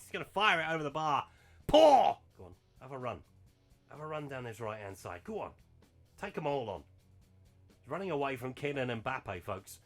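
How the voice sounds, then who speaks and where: A man hosting a gaming channel, giving excitable live commentary on a football management game and bursting into shouts and laughter at big moments. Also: medium pitch.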